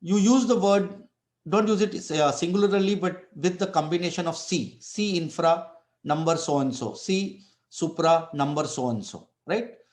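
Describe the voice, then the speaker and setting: A man's voice: fairly high pitch, unhurried, darkish tone, roomy sound. A man giving an online lecture, explaining step by step with restarts and frequent "right?" checks. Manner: explains step by step, many restarts and tag questions.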